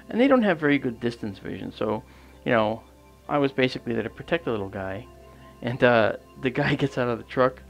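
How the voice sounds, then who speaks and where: Man with a gravelly voice, rambling storyteller. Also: mid-range voice. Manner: rambling, many fillers and restarts, animated quoted dialogue. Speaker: astronomy livestream host. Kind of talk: casual anecdote storytelling.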